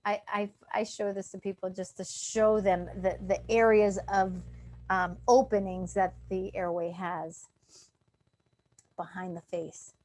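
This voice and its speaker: A woman's voice: mid-range voice, flat delivery, measured pace, a little mellow. Woman dentist, lecturing over a video call; plain, explanatory delivery with demonstrated throat sounds. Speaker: dentist teaching a breathing clinic. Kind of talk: online lecture.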